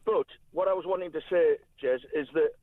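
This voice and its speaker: A man's voice: fairly high pitch, a little fast, dry recording. An older man with a Geordie accent, calling in to a radio phone-in and earnestly making his point, often repeating words as he goes. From North East England. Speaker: caller. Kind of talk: phone-in call. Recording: tinny phone line.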